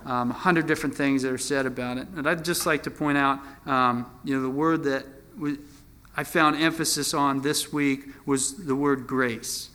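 A man's voice: medium pitch, steady tone, moderate pace, pushed and bright, smooth. A man, a pastor, preaching a sermon in a conversational, folksy way with frequent fillers.

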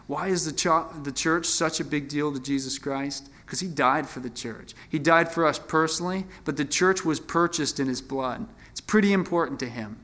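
A man's voice: a little high, moderate pace, pushed and bright. A man, a pastor, preaching a sermon in a conversational, folksy way with frequent fillers.

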